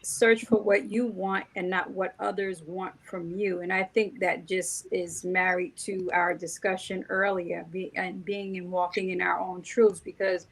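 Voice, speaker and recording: Encouraging woman with a lowish voice. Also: little pitch movement, unhurried, creaky, hardly any pauses, poor audio. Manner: encouraging, emphatic. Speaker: panelist. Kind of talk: motivational panel talk.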